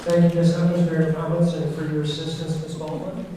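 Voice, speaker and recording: A man's voice: a little high, little pitch movement, a little fast, over a noisy crowd. A man moderating a school board meeting, formally calling each speaker by name. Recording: very echoey hall, distant mic, noisy.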